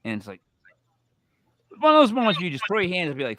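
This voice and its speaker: Man, podcast host, joking storyteller, bright voice, dry sound. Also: fairly high pitch, very animated, quick pace, no echo. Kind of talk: casual chat.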